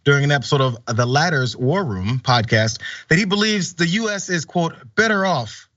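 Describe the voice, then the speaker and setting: A man's voice: fairly high pitch, lively intonation, moderate pace, a bit bright, no room sound, highs cut off. A man hosting a news commentary show, talking in a sarcastic, conversational way. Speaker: host.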